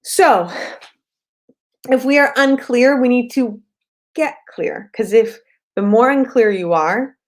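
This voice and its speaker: A woman's voice: fairly high pitch, takes it slowly, long pauses. A woman business coach talking straight to her audience in a casual, blunt way, swearing often and repeating points for emphasis. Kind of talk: casual talk to camera.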